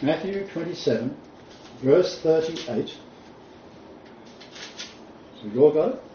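A man preaching a sermon, reading scripture aloud and stressing key points with deliberate emphasis. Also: fairly high pitch, animated, warm tone, a little hiss or hum. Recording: distant mic, roomy echo, dull sound.

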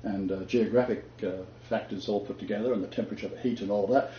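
A man's voice: fairly low pitch, fairly even intonation, quick pace. Emphatic older man in an echoey room. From Australia. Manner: emphatic, chuckling, quotes scripture. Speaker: Christian teacher. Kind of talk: conversational sermon-style talk. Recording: echoey room, dull lo-fi sound.

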